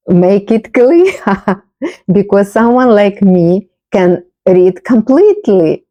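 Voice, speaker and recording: Slow, halting woman telling a story. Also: medium pitch, warm tone, dry recording. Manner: halting, searching for words, with many fillers and restarts. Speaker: video host. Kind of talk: personal storytelling to camera.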